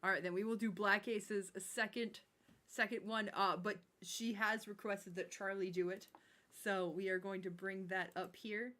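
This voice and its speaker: A woman's voice: mid-range voice, fairly even intonation, normal speed, fairly bright tone. Chatty woman hosting a livestream. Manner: chatty, swears casually, laughs often. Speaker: livestream host. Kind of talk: casual livestream chat.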